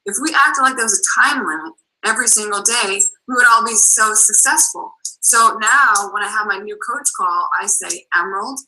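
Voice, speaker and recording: A woman's voice: medium pitch, moderate pace, hardly any pauses, sharp tone, poor audio. A woman with a Boston accent, chatting casually as a guest coach on a team call, full of "like" and "um".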